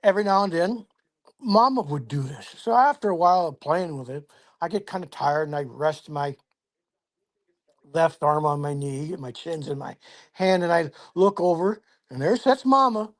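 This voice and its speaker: An older man, a podcast guest, tells a first-person story in a measured, vivid way and drops to a hush at the tense moments. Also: fairly high pitch, expressive. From Tacoma, Washington, USA.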